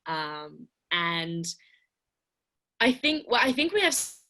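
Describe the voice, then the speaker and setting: Bright-voiced young woman. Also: lowish voice, slow pace. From Australia. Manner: earnest, animated, with frequent restarts. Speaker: actress interviewee. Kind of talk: casual press interview.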